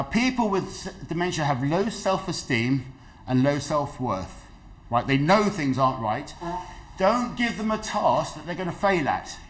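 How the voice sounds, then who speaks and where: A middle-aged man leads a dementia awareness session. His pitch swings widely as he tells stories, and he slips into the voices of the people in them. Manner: lively storytelling, acts out quoted voices. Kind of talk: health talk to an audience.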